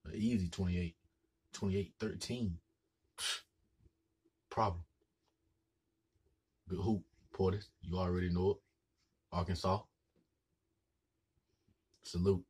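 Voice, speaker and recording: A man's voice: low-pitched, darkish tone, breathy edge. A man hosting a casual reaction video, talking straight to the players on screen in a hyped, slangy way. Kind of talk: casual live game reaction commentary.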